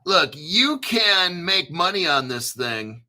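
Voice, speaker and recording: A man hosting a casual crypto livestream, rambling excitedly with frequent laughs and restarts. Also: high-pitched, slow pace.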